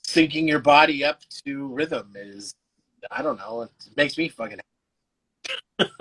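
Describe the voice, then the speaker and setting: A man's voice: mid-range voice, measured pace, fairly bright tone, husky, rough recording. A man, an actor guest, chatting casually over a video call, loose and full of fillers and restarts, with the odd swear. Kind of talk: casual chat.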